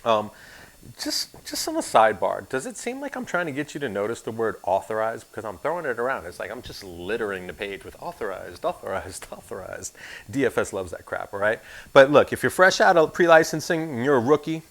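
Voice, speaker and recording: A man's voice: medium pitch, very animated, brisk. A man teaching an insurance course in a recorded class, with sarcastic, joking asides.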